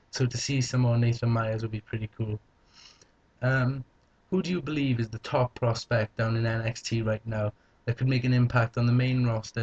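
A man's voice: mid-range voice, a little mellow. A young man vlogging casually, answering viewer questions in a joking, playful way. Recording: slightly dull lo-fi recording.

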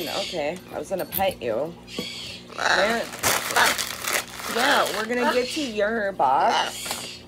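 A woman's voice: medium pitch, lively intonation, takes it slowly, pauses often, very noisy. A woman chatting casually while unboxing bird toys, gushing over them and talking to her pet birds at home. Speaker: bird rescue vlogger.

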